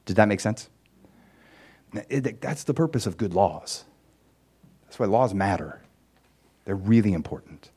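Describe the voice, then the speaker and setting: A man preaching a sermon in a casual, animated storytelling way, with lots of fillers and sudden rises in pitch and volume for emphasis. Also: measured pace, long pauses, breathy edge. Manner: animated storytelling, chatty fillers, swings loud and high for emphasis.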